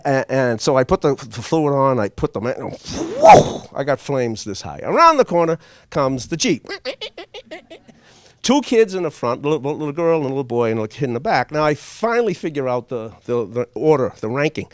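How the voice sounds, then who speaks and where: A man's voice: medium pitch, a little fast, no room sound, studio quality. An older man telling a comic story to a live audience, chuckling as he goes. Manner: animated, chuckles through his own story.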